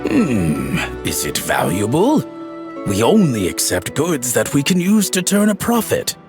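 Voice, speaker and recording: A man's voice: medium pitch, wildly swooping pitch, unhurried. An actor playing a polite, salesman-like shop assistant in a video game. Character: courteous male shop assistant. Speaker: game character. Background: music.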